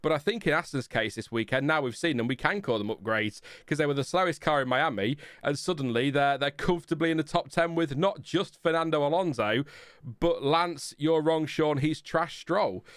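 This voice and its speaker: A man's voice: on the high side, animated, brisk, few pauses, fairly bright tone, clear, resonant tone, no echo, clean studio sound. A British man hosting a live race watchalong, chatting casually and joking as he reads viewer comments from his home streaming setup. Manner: chatty, joking, reads chat messages aloud. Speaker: livestream host.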